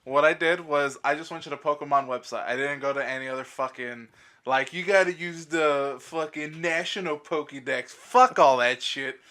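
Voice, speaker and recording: A man's voice: a little high, normal speed, sharp tone. A man co-hosting a casual podcast, laughing often and swearing as he explains a quiz game. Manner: laughing, profane, explains rules loosely. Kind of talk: casual chat.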